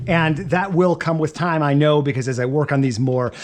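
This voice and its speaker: A man teaching double bass, chatting and thinking aloud as he works through practice exercises, sweaty and a little winded. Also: moderate pace, loud music behind the voice. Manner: chatty, rambling, thinks aloud between passages. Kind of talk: casual practice demonstration.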